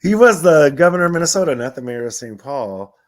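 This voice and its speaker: A man co-hosting a radio talk show, telling lively stories and acting out quoted voices, often laughing. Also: on the high side, fairly quick. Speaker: radio show co-host, former city council member. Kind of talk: casual storytelling radio conversation.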